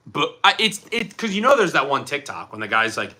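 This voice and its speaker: Hosting a relaxed livestream, this man from Philadelphia talks in a sing-song, mid-range voice with a Philly accent, pushed and bright, at normal speed with barely any pauses. He rambles casually and reads comments aloud.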